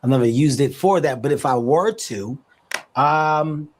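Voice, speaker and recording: A man chatting as an interview guest, animated and playful. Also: a little high, unhurried, a little hiss or hum. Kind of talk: casual interview chat.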